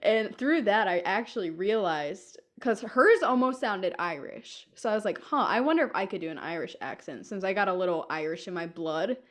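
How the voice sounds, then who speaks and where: In a home room shared with a cat, a young woman co-hosts a podcast, casually chatting and laughing through her stories. Her medium-pitched voice is expressive, at normal speed with few pauses.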